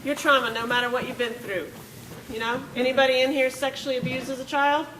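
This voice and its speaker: A woman giving an animated, chatty motivational talk to a group of listeners. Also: high voice, quick pace, far from the mic, background noise. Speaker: motivational speaker. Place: room full of listeners in a detention facility.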